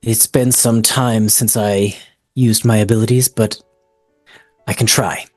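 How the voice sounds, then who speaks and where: A man voicing a gruff, plainspoken wild elf druid who turns into a bear, in a tabletop game. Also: lowish voice, steady tone, measured pace, a little mellow, no echo, soft background music, natural voice.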